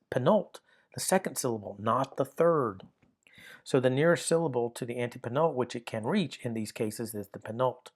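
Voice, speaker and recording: A man explaining grammar rules one example at a time. His voice sits at an ordinary middle pitch. He works methodically, circling back and repeating phrases as he checks each form. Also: a little mellow. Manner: methodical, repeats and restarts while pointing at examples. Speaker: Greek grammar teacher.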